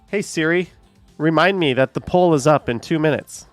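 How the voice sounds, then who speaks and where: A man's voice: fairly high pitch, moderate pace, no room sound, soft background music. A man live streaming, chatting casually with viewers, rambling and swearing at voice assistants when annoyed.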